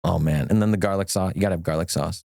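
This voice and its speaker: A middle-aged man, an attorney, chatting as a podcast guest, enthusiastic and rambling with quick restarts. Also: sits low, vocal fry, a little mellow, dry recording, studio quality. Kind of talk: casual podcast conversation.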